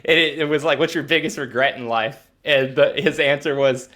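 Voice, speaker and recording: A young adult man co-hosting a comedy podcast, riffing crude jokes in casual banter and slipping into quick put-on voices for bits. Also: a little high, steady tone, bright, forceful tone. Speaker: podcast co-host.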